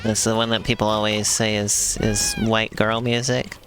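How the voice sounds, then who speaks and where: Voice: mid-range voice, little pitch movement, normal speed. A streamer chatting casually during a gameplay stream, laid-back and a little hesitant, often offering bits of trivia. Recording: game music clearly under the voice.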